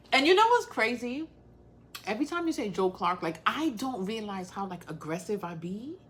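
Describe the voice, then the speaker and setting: A woman's voice: fairly high pitch, a bit bright. A woman hosting a casual crafting livestream, talking bluntly and straight to the point while calling out viewers by name.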